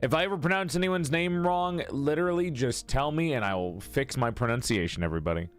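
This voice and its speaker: A man's voice: medium pitch, fairly quick, soft background music. A man streaming, chatting casually with his viewers, joking and teasing as he reads their messages aloud and answers.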